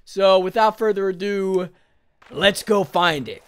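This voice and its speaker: A young man giving casual let's-play commentary, excitable and swearing, breaking into panicky outbursts. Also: high-pitched, unhurried, clean tone. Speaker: gaming YouTuber.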